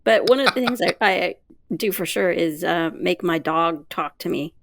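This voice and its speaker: A woman's voice: lowish voice, normal speed, creaky, no room sound, clean studio sound. A woman co-host chatting in a giggly, playful way. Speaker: podcast co-host. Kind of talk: casual chat.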